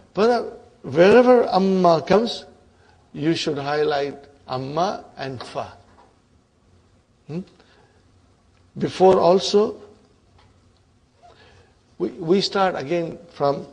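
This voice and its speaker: Male language teacher, husky and a touch high-pitched, drills students with questions. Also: darkish tone. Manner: quizzes students, frequent "huh?" prompts, repeats answers. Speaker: Arabic teacher. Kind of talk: classroom grammar lesson.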